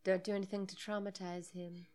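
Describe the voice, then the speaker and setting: A woman's voice: medium pitch, level tone, fairly quick, darkish tone, slight background noise. A woman co-hosting a podcast, chatting casually and joking while watching a movie. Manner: joking, teasing banter with frequent laughter. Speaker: podcast co-host.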